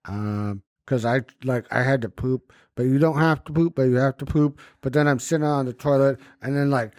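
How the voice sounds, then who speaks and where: A man's voice: mid-range voice, moderate pace, dry recording, clean studio sound. A man co-hosting a podcast in casual comedic chat, telling stories with lots of swearing and acted-out voices. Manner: animated storytelling, swearing, acting out quoted voices. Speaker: podcast co-host.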